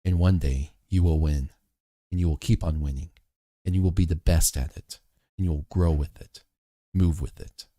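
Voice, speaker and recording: A man in his thirties talking earnestly to camera, telling a family story in a measured, reflective way. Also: low-pitched, fairly even intonation, dark tone, no room sound, clean studio sound. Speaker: motivational vlogger.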